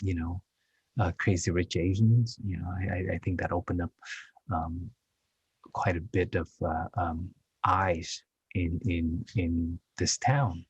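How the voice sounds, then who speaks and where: Male guest actor in his fifties, low raspy voice, candid and hesitant storytelling. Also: fairly even intonation, no room sound, muffled recording. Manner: halting and reflective, with many restarts.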